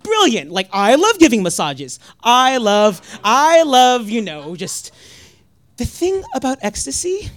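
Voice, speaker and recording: Woman comic, stand-up set, animated swooping delivery, fairly high voice, profane. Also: a little slow. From Northern California. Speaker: stand-up comedian.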